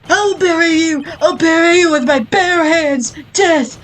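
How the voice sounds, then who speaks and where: A woman's voice: on the low side, normal speed, breathy edge, faint music behind, pitched below the performer's own voice, low-quality recording. A woman voicing a ruthless, vengeful old male prosecutor who bellows threats. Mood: furious.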